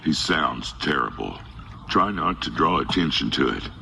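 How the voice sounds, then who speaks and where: A man in a comedy sketch, talking in a calm, unbothered, dry way. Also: very deep voice, normal speed, gravelly, slight background noise.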